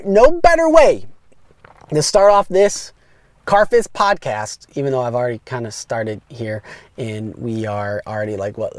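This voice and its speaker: A man's voice: medium pitch, dry recording. A man in his thirties from Wisconsin, hosting a casual solo podcast in an upbeat, rambling way and talking straight to his listeners. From West Allis, Wisconsin, USA. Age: 30s. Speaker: podcast host.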